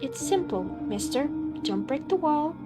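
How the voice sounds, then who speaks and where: A woman's voice: high voice, very animated, unhurried. Woman voicing eerie polite stranger. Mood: smoothly insistent. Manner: soothing, overly caring, insistent. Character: eerily polite stranger, calm and unsettling. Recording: loud game music behind.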